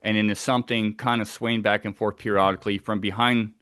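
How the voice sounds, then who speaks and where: A man's voice: fairly low pitch, level tone, a little fast, a bit bright, no room sound, clean studio sound. A man telling a tense first-person story of a wilderness encounter, acting out the sounds as he goes.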